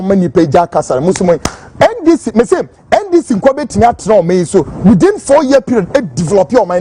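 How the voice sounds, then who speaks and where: Fiery Ghanaian man, high and animated. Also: slight background noise. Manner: fiery, emphatic ranting; switches between Twi and English. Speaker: host. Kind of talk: political commentary.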